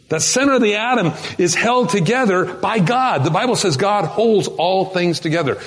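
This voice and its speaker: Emphatic preaching man in a reverberant hall. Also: high voice. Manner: emphatic preaching, slows down to stress key words. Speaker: pastor. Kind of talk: sermon. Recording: long reverb of a large hall.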